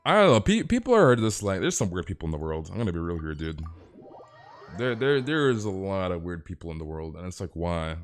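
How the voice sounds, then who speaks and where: A man's voice: low-pitched, big pitch swings, a little fast. A man chatting casually on a live game stream, ranting animatedly and peppering his talk with "freaking" and "dude".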